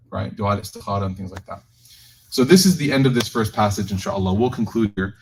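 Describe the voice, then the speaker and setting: Low-voiced man telling a story to a group. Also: a little hiss or hum, low-quality recording. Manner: animated, joking storyteller who shifts into slow closing prayer. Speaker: imam. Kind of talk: storytelling religious talk to a live group. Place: community gathering room with listeners.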